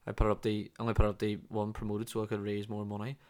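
A man's voice: on the low side, completely flat delivery, fast, darkish tone. A man, co-hosting a podcast in casual, joking banter full of swearing. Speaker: podcast co-host. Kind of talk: casual chat.

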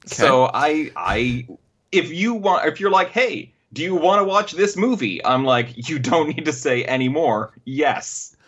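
A man's voice: on the high side, very animated, measured pace, fairly bright tone, breathy edge. A man with a Canadian accent, a guest in a casual podcast chat, easygoing and wry.

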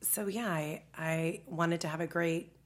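A woman cycling instructor, under the weather with a stuffed-up, husky voice, chatting casually as a podcast guest. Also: sits low, fairly even intonation, measured pace.

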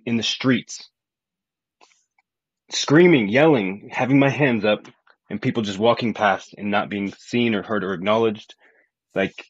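Male coach guest, lowish husky voice, candid, casual swearing, dull lo-fi recording. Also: dry recording. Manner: low-key and blunt, swears casually. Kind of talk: candid conversational chat.

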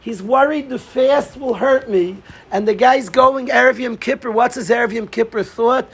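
A middle-aged man giving an informal Torah talk to a group, excitable and repetitive, often restarting his sentences. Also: extremely high pitch, normal speed, few pauses, slightly rough. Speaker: Torah teacher.

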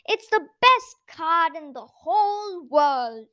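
A woman voicing an excitable little male toy taxi driver, speaking brightly and emphatically. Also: very high-pitched, a little slow, no echo, studio quality, exaggerated voice. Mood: fond. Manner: bright, emphatic and easily cross.

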